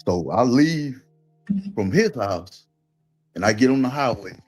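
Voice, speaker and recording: A Southern Georgia man appears as a guest, recounting a personal story in easygoing talk and quoting others in their voices. His mid-range voice is husky and a little slow, with faint music behind.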